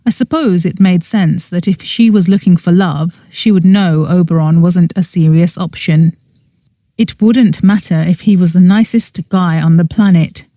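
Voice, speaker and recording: A woman narrating a first-person cozy mystery audiobook in a brisk storybook reading. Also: fairly low pitch, warm tone, no echo, studio quality.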